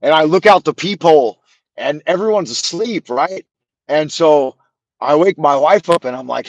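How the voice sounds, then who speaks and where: A man's voice: on the high side, animated, normal speed, no room sound, highs cut off. A man hosting a show, telling a rambling story in casual talk, profane and wry. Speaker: show host.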